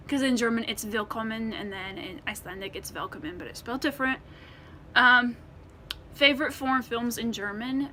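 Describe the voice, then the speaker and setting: A woman's voice: on the high side, bright, forceful tone, a little hiss or hum. An American woman chatting casually to the camera in a Q&A vlog, rambling with many ums and restarts. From United States. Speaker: vlogger.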